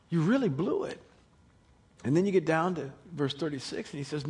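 A man preaching a sermon with lots of energy, acting out the Bible characters and swinging from hushed lines to loud ones. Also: a little high, slightly rough. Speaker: pastor.

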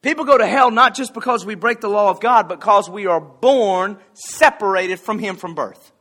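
A man's voice: high voice, moderate pace, pushed and bright. A man preaching a casual, folksy sermon, telling anecdotes and joking with the congregation. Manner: folksy, conversational, jokes with the congregation.

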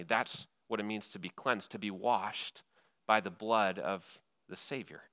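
Bright-voiced man preaching with animation. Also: lowish voice, measured pace. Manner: animated storytelling, acts out quoted lines with laughs. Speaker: pastor. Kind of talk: sermon.

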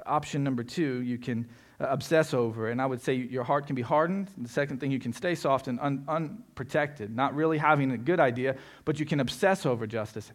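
Male pastor delivering a sermon, emphatic peaks, mid-pitched voice. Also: fairly quick. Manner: swings from quiet reflection to loud emphatic preaching.

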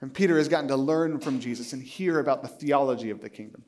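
A man's voice: mid-range voice, fast talker, a little mellow. A man in his late thirties preaching a sermon, telling stories with lots of animation, acting out both sides of a dialogue and laughing often while he talks. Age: late 30s. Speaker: pastor.

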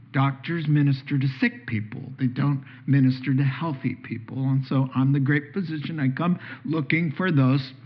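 An older man preaching a sermon, telling stories animatedly and acting out voices. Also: a little high. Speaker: pastor. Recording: dull lo-fi sound.

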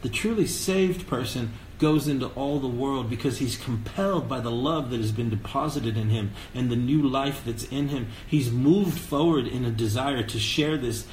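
A man delivers an earnest podcast sermon at a mid-range pitch, talking like he's in a conversation with his listeners. He leans into key words and throws out rhetorical questions. The room sounds echoey, with a faint hum underneath. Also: normal speed, few pauses, darkish tone. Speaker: pastor.

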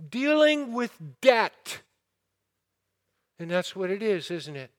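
A man delivers a sermon in a strikingly high voice. He speaks slowly and deliberately, pressing the listeners with rhetorical questions as he retells a parable with mounting fervor. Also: very animated. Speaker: pastor.

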